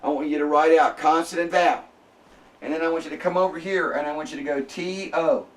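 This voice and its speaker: A man lecturing a classroom, slowly spelling out sounds and checking in with his students. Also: on the high side, steady tone, distant mic.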